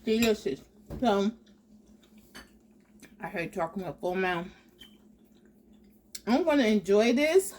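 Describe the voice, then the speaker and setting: A woman hosting a casual home cooking vlog, talking in a relaxed way with lots of ums. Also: medium pitch, slow, long pauses, slight background noise. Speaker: cooking vlogger.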